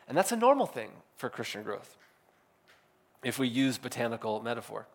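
Male pastor in his thirties, slightly raised pitch, preaching in a loose, chatty way. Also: fairly even intonation, brisk. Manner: casual, filler-heavy with frequent "like". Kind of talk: conversational sermon.

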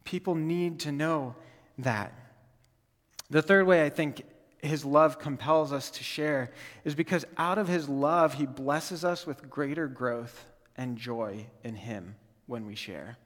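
A man's voice: mid-range voice, a little slow, a bit bright, big-room sound. A young adult man giving a sermon as a guest speaker, earnest and conversational, often checking in with "right?" and restarting his sentences. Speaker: guest speaker, campus ministry team leader. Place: church sanctuary.

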